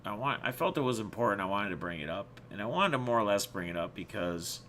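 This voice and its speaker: A man's voice: fairly low pitch, animated, fast talker, a bit bright, a little hiss or hum. A man hosting his own channel, telling viewers a personal story in a rambling, reflective way with many restarts. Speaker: channel host.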